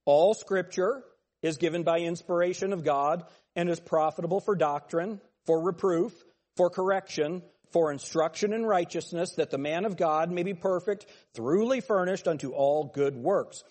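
Man, slightly high voice, casual Bible class teacher, long hall reverb. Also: normal speed, darkish tone. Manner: conversational, addresses students by name, jokes.

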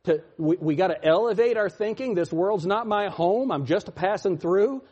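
A man preaching a sermon as pastor, mocking, jumping from loud laughing shouts down to low muttering. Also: lively intonation, moderate pace, husky, muffled recording.

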